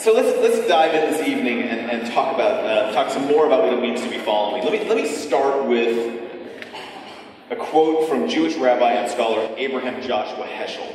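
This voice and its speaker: A man giving a sermon at a teaching session, joking at ease at times and at others slowing to repeat his key lines with emphasis. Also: medium pitch, distant mic, slight background noise. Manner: relaxed joking, then slow emphatic repetition. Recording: echoey hall, speaker away from mic.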